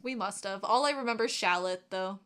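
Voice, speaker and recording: A woman co-hosting a casual anime reaction chat, chatty and animated, laughing often and trailing off mid-sentence. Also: medium pitch, a little fast, clear, resonant tone. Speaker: co-host reacting to an anime episode.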